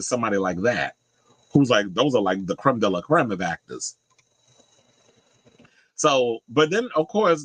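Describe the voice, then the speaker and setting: Guy ranting opinions on celeb news, blunt and profane, mid pitch, dry. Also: a bit bright, no room sound, poor audio. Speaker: pop culture commentator. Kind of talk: casual commentary.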